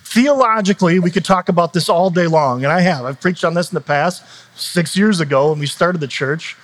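Man preaching, higher-pitched voice. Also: a little fast. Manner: conversational preaching with frequent restarts and fillers. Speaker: pastor. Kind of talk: sermon.

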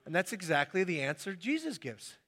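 Animated, bright-voiced preacher man. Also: high-pitched, a little fast. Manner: animated, acting out little scenes with voices. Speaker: pastor. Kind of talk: sermon.

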